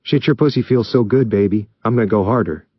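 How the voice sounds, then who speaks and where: A confident young man from a story reading, voiced by the narrator in a low, assured tone close to his own. The audio is muffled and dry with no room sound. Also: fast talker, breathy edge, no echo.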